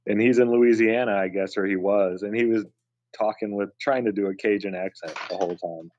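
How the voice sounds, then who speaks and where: A man co-hosting a podcast in casual chat, telling stories with animated, lively delivery. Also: brisk, no room sound, dull audio. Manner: animated storyteller, mimics people in high voices. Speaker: podcast co-host.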